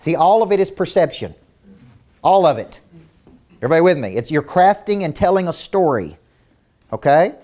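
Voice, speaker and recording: A man's voice: a little high, sing-song, normal speed, pauses often, warm tone. A man coaching a virtual seminar in an intense, emphatic way, firing rhetorical questions at his audience and repeating words as he starts each point. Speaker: business coach.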